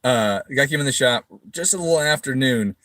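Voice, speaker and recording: A middle-aged man telling a story casually to camera, swearing freely and acting out his own quoted replies loudly. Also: medium pitch, animated, fairly quick, no room sound. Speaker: tuning shop owner.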